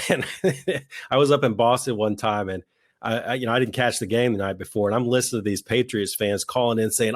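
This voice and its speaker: A man co-hosting a podcast, talking politics in a heated, profane, mocking way, his voice jumping into high-pitched outbursts. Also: a little fast. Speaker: podcast co-host.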